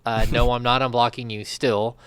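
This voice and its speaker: A man's voice: mid-range voice, flat delivery, normal speed, a bit bright, clean tone, no echo. A man, a sports reporter co-hosting a podcast, chatty and reasoning aloud. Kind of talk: casual sports chat.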